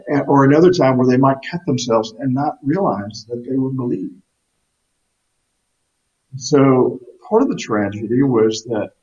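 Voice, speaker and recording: A man's voice: medium pitch, a little mellow, muffled recording. A man preaching a sermon in an earnest, emphatic way, often repeating a word as he starts a phrase. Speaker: pastor.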